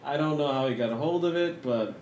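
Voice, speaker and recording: A man playing a tabletop game, joking and excitable in casual banter. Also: mid-range voice, a little fast, a little hiss or hum. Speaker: player. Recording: echoey room with faint music.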